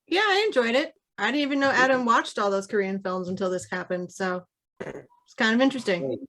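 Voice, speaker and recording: A woman's voice: fairly high pitch, expressive, fairly quick, a bit bright. A woman co-hosting a casual movie podcast, playful and laughing often. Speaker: podcast co-host.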